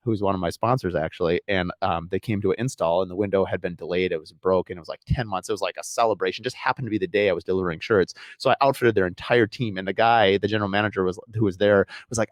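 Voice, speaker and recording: Fast-talking builder guest, man, low voice, lively storyteller, dry studio mic. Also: no room sound. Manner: fast, animated anecdotes with laughs. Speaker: custom home builder, podcast guest. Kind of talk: casual storytelling chat.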